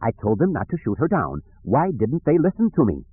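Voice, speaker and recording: A man's voice: medium pitch, huge pitch swings, fairly quick, husky, no room sound, pitched above the performer's own voice. A man voicing a ruthless, mocking imperial officer who snaps at his underlings, on a dry, tinny, phone-like recording. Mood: irritated. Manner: snappish, mocking. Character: gloating ruthless imperial officer, male adult.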